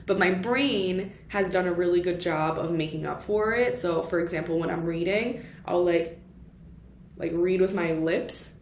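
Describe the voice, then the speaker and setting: A woman's voice: on the low side, unhurried, a little hiss or hum. Chatty woman talking books in an echoey room. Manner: chatty, lots of "like" and "you know" fillers; mixes in Spanish phrases. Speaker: book vlogger. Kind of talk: casual book review chat. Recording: echoey room with faint ambience.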